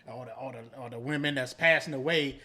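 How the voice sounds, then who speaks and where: Man, podcast co-host, mid-range voice, laid-back banter. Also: medium pitch. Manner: relaxed, quick back-and-forth replies. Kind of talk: casual chat.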